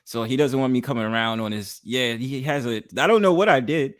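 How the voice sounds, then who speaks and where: A young man hosting a livestream in loose, rambling chat, circling back and repeating himself as he thinks aloud. His voice sits at an ordinary middle pitch and sounds close and dry, with no room around it. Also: fairly quick, no room sound. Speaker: livestream host. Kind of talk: casual stream chat.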